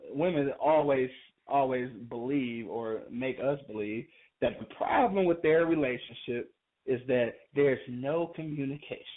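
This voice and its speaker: Chatty man on a phone-like radio line. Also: fairly high pitch. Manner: chatty, repeats himself, laughs often. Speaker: podcast co-host. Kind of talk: casual radio talk. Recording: phone-like call-in radio audio.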